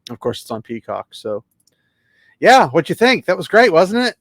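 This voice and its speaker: A man co-hosting a casual trailer reaction, sarcastic and animated, laughing often. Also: sits high, moderate pace.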